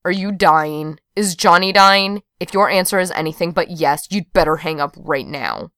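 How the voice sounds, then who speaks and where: A woman's voice: on the low side, lively intonation, normal speed, a bit bright, no echo, studio quality. A woman reading an audiobook voices a grumpy older sister who growls irritably. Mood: irritated.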